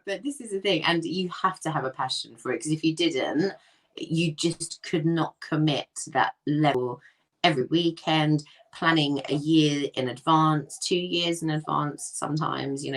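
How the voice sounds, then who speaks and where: A woman with a North London accent talks in a relaxed, chatty way as an interview guest. Her voice sits low, and she fills her stories with ums and quick laughs. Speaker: ghost hunt company owner, guest. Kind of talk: casual interview chat.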